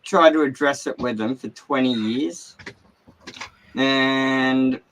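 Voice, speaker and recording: An Australian man talking straight into his livestream, rambling and agitated and swearing constantly. His voice sits at an ordinary middle pitch, and he talks to the viewers in a loose, unplanned way from inside his caravan. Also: slow, fairly bright tone, a little hiss or hum, poor audio. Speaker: livestream host. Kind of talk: casual livestream rant.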